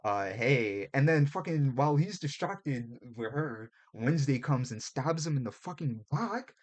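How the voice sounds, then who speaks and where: A man co-hosting a casual podcast, retelling a show's plot in animated, profane chat and putting on quick mock voices. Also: on the high side. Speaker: podcast co-host.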